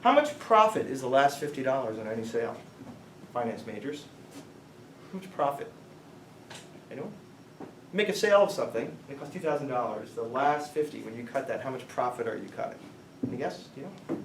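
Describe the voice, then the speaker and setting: In a roomy recording with a far-off microphone and faint noise, a middle-aged company founder delivers a casual guest lecture to students, spinning meandering stories and testing the audience with questions. His mid-range voice is expressive and fairly quick, broken by frequent pauses.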